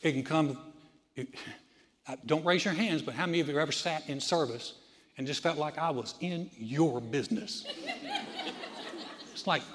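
A man preaching, his voice on the high side as it rings through a reverberant church hall. He talks to the congregation in a folksy way and drops to a hushed tone for his stories. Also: normal speed, pauses often. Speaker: pastor. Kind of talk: sermon.

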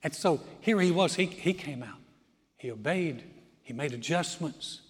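A pastor preaching a sermon as an animated storyteller, often throwing in "man" and swinging from loud to quiet. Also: on the high side, unhurried. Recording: long hall reverb.

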